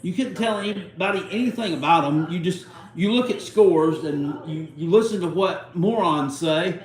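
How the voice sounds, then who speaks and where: Hosting a watchalong livestream, a middle-aged man wanders from topic to topic with a salty edge and plenty of swearing. He speaks at a moderate pace in a high voice. The sound is low quality, with an echoey room.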